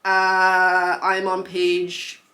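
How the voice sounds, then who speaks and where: A woman's voice: lowish voice, monotone, drawn-out words, bright, forceful tone, slight background noise. Chatty young woman talking about books. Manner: chatty, many fillers and "like", laughs often. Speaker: book vlogger. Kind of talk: casual book chat.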